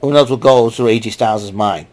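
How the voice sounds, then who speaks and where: A man's voice: mid-range voice, fairly quick, a little mellow. Give me a rambling man hosting a casual show recap. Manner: rambling, with frequent restarts and fillers. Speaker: show host. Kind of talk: casual wrestling recap monologue. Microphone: talking into a microphone.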